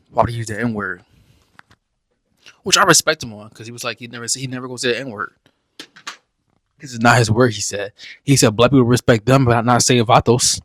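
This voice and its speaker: Man, reaction host, relaxed candid commentary, mid pitch, dry close sound. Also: no room sound. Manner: laid-back, candid, conversational.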